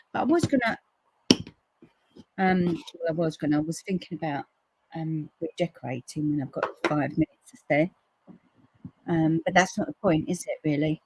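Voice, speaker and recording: A woman hosting a live crafting stream, chatting casually and acting out quotes in a lively way. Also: moderate pace, breathy edge, no room sound, poor audio. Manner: chatty storyteller, acts out quotes with big pitch jumps. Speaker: crafting livestream host. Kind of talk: casual chat to live viewers.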